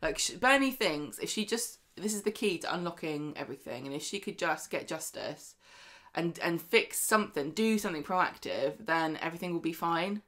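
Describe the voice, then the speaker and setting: A woman co-host talks through the week's soap episodes in a loose, chatty way. Her voice sits a little low, and she slips into characters' lines with sudden emphasis. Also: lively intonation, moderate pace, a bit bright. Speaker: podcast co-host. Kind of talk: casual chat reviewing a soap.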